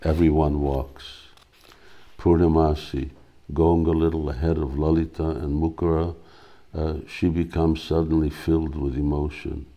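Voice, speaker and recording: Male spiritual teacher reading a devotional play aloud, steady, dark and mellow. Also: very deep voice, unhurried.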